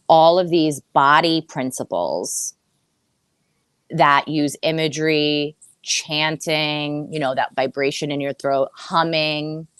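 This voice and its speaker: A woman therapist speaks as a podcast guest in a notably low voice. She explains earnestly in a steady teaching flow, often restarting phrases and asking rhetorical questions. The recording is close and dry. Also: no room sound.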